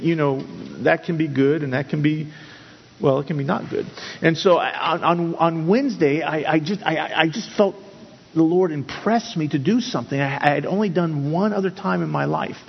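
A man's voice: on the high side, gravelly, husky. A middle-aged man pastor preaching a sermon and telling a personal story, earnest, with many restarts and repeated words. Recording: dull, with long hall reverb.

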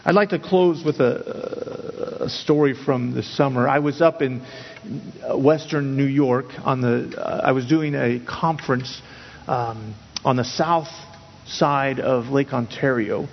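Husky middle-aged guy preaching in a church, keeps restarting his words, long hall echo, dull sound. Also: mid-range voice, takes it slowly. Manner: earnest, with many restarts and repeated words. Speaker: pastor. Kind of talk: sermon with personal storytelling.

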